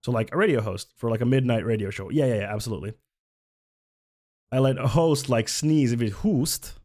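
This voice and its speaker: This young man's livestream talk is loose and jokey, full of tangents and sentences he abandons midway. His voice sits in the mid-range, a little mellow, and runs slightly fast.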